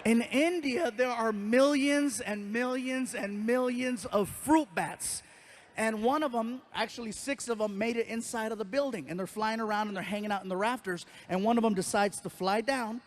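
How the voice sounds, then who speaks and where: A man doing animated stand-up storytelling on a live stage, acting out the people in his story. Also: extremely high pitch, normal speed, a little hiss or hum. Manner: animated storyteller who acts out other voices. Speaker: stand-up comedian.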